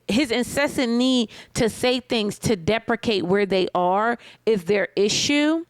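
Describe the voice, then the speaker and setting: A woman co-hosting a casual TV review chat, making her points with lively examples and asides. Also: on the high side, a little slow, hardly any pauses, clear, resonant tone, no room sound. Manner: animated, explains with examples and asides. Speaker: co-host of a reality TV review show.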